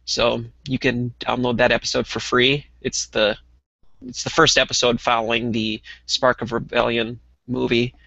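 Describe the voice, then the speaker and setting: A man co-hosting a casual hobby podcast, talking in a relaxed way with lots of ums and uhs. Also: mid-range voice, normal speed, gravelly, no echo, muffled recording. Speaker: podcast co-host.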